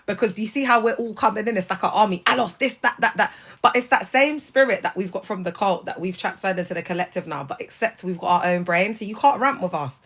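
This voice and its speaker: A British woman hosting a casual livestream chat, talking in lively slang and laughing often. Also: medium pitch, quick pace, hardly any pauses. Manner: chatty and animated, laughs often, heavy slang. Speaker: livestream host.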